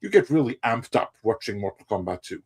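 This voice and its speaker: A man's voice: lowish voice, very animated, fairly quick, a little mellow, breathy edge. Laid-back male reviewer with European accent. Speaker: movie reviewer and host. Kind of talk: casual livestream chat.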